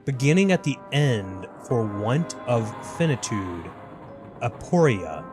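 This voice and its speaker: Man voicing a corrupted game creature, low, quiet, halting, disjointed fragments, game music behind. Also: big pitch swings. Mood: mournful cryptic. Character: corrupted, broken-minded creature babbling fragments.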